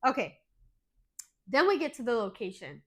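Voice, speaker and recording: A woman co-hosting a podcast, telling a story in casual chat with animated, dramatic retelling and some swearing. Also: on the high side, normal speed. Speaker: podcast co-host.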